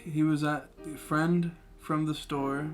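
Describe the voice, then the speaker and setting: Man, casual podcast co-host, laid-back and halting, with music clearly audible beneath. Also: a little high, flat delivery. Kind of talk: casual chat.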